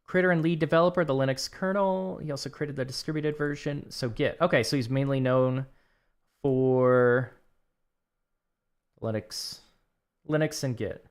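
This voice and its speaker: A young man with a mid-range voice talks his way through a coding lesson on a live stream. He reads instructions aloud in a casual, conversational way and drops quick offhand reactions in between. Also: mid-range voice, clean tone.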